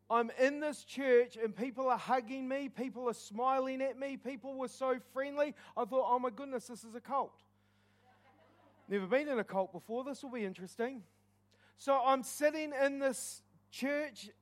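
A man, preaching as pastor at a church service, telling his own testimony with rising passion and leading an altar call. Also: very high voice.

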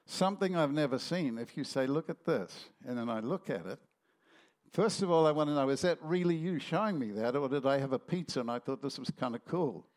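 A man's voice: medium pitch, fairly quick, a little mellow. A man preaching a sermon, telling stories animatedly and acting out the voices in them.

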